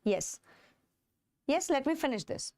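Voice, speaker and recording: This woman teaches chemistry live online in an Indian English accent, her voice high, very animated and warm, recorded at studio quality with no echo. Key terms get stretched out for emphasis, and she keeps checking in with her students.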